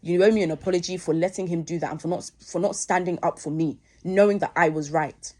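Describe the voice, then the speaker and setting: A woman's voice: on the low side, steady tone, fast, dark tone. A young woman, hosting a podcast and telling a story in a casual, emphatic way, repeating herself for emphasis. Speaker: podcast host.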